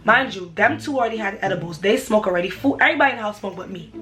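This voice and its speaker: A woman's voice: medium pitch, animated, racing, a bit bright, soft background music. Slangy New woman telling a story. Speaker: vlogger. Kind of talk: storytime vlog.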